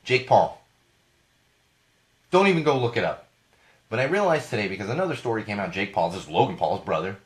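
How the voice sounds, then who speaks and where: A man hosting a live podcast, rambling and indignant in a casual rant, his voice going hoarse. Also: fairly low pitch, very animated, a little fast, pauses often. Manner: rambling, indignant, self-correcting. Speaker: podcast host.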